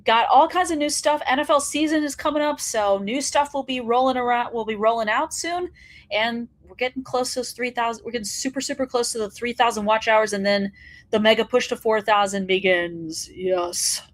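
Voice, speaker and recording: A woman's voice: fairly high pitch, moderate pace. A woman hosting a wrestling commentary show, ranting bluntly and profanely, fired up.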